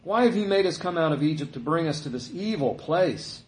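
A man delivers a sermon in a relaxed, conversational way, slipping into mocking voices for the complainers in the scripture. His voice sits a little high. The room around him has a noticeable echo. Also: fairly quick. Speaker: pastor. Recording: echoey room.

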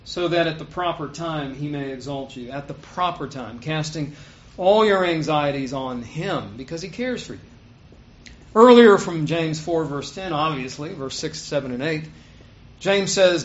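Man, preacher, sermon, high-pitched, emphatic, quiet asides, muffled lo-fi sound. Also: animated, moderate pace. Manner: emphatic, swings between loud stresses and quiet asides. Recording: dull lo-fi recording.

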